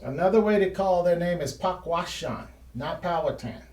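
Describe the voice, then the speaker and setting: Recorded from a distance in a roomy space, a man with a high, warm voice and lively intonation talks fairly quickly while painting in his studio. Hosting a show on painting history, he explains casually, rambling with restarts and trailing phrases.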